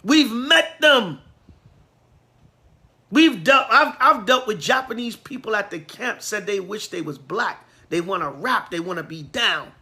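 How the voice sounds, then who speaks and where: Fiery, blunt man preaching high and forceful. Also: expressive, normal speed, few pauses. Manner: blunt, slangy and fiery, with digressions. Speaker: priest. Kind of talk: preaching Bible class.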